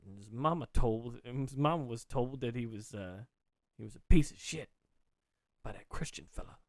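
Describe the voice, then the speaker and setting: A man's voice: mid-range voice, lively intonation, moderate pace, a little mellow, no room sound, studio quality, close to an everyday voice. A man voicing a drawling Southern man with a New Orleans accent, dropping his verbs as he teases. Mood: mocking.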